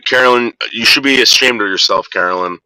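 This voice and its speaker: A man's voice: medium pitch, fast, bright, forceful tone, clean tone, no room sound, rough recording. A man ranting angrily and cursing in a casual livestream chat, repeating names and stammering when worked up. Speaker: livestream co-host.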